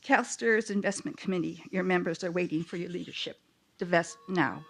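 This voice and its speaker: A woman's voice: fairly low pitch, moderate pace, creaky, a bit bright. A woman reading a firm, urgent prepared comment to a committee and quoting sources aloud. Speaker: public commenter. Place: public meeting room.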